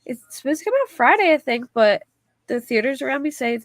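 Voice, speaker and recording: A woman's voice: sits high, animated, brisk, no echo. A woman hosting a casual livestream, chatting in a rambling way and reading viewer comments aloud. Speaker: livestream host.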